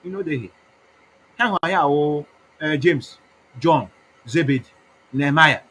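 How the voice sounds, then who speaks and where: A man's voice: a little high, a little slow, a bit bright, slightly rough, low-quality recording. A man with an Igbo Nigerian accent giving a rambling campaign talk, mixing English with Igbo in a preachy, mocking way. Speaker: activist campaigner.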